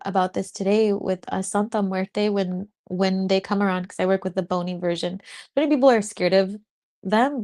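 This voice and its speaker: A young adult woman, a spiritual business coach, talking casually and emotionally to her live audience, laughing often. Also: medium pitch. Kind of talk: casual livestream talk to an audience.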